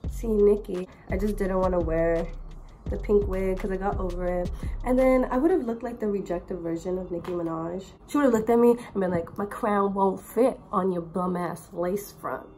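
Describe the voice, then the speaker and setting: A young woman who is sick and hoarse, chatting playfully in slang while doing her makeup at home. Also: mid-range voice. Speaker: beauty vlogger. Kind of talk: casual get-ready-with-me chat.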